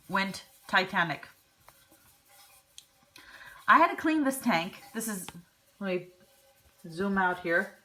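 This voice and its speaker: Woman, slightly high voice, casual storytime vlog, animated, lots of um and restarts, camera mic at home. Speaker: vlogger. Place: at home by a kitchen counter.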